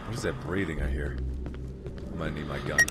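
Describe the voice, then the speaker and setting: A man giving horror gaming commentary, talking to the game and yelping and shouting whenever something jumps at him. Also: a bass voice, brisk, loud music behind the voice. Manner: jumpy, shouts and yelps at scares, talks to the game. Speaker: let's play gamer.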